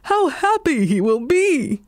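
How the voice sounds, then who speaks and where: A woman's voice: mid-range voice, sing-song, takes it slowly, a little mellow, dry recording. Storybook part: a woman playing a faithful male dog, raised and earnest, dry close read. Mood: joyful. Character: loyal male dog, eager then gruff.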